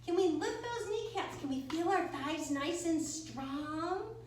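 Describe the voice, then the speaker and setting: A woman's voice: very high-pitched, expressive, slow, a little mellow, a little hiss or hum. A woman teaching a children's yoga class, speaking in an encouraging, sing-song way to small children. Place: yoga studio. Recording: very echoey room from far off.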